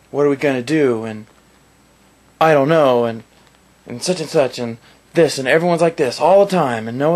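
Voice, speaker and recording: Dude reviewing a movie, sarcastic and rambly, mocks everything. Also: male voice, mid-range voice. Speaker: film reviewer. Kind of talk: casual spoken film review.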